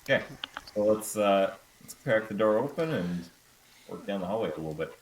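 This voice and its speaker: A man playing a tabletop game, relaxed and quick to laugh. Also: fairly low pitch, slight background noise, rough recording. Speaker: player. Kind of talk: casual tabletop game play.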